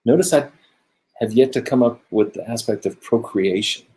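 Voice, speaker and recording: A man co-hosting a casual Bible study talk, earnest and musing, growing animated when he makes a point. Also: medium pitch, normal speed. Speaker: co-host of a religious discussion show. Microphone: own camera close by, video stream.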